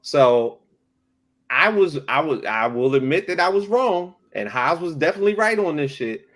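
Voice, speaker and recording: A man's voice: on the high side, expressive, moderate pace, a bit bright. A man co-hosting a casual podcast, recapping a cartoon episode with profanity and acting out the characters' lines. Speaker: podcast co-host.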